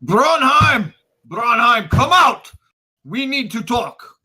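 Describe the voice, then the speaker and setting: Man playing an agitated insistent guy, high raised voice, bright. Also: big pitch swings, slow pace, husky, heavily acted. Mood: shouting. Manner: urgent, insistent. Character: agitated man demanding answers. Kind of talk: tabletop game character voice.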